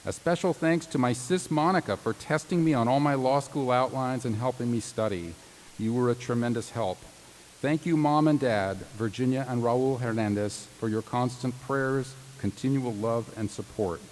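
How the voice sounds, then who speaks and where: A man with a mid-range, darkish voice reads graduates' tributes at commencement at a moderate pace, balancing formality with playful jokes. The sound echoes through the large hall, with a faint hiss underneath.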